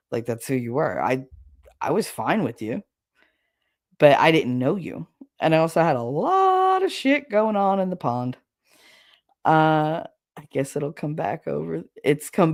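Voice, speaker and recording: A woman's voice: low voice, vocal fry, no echo, studio quality. A woman with a Chicago accent chatting on a livestream, rambling, losing her train of thought and laughing often. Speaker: livestream host. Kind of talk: casual livestream chat reading comments.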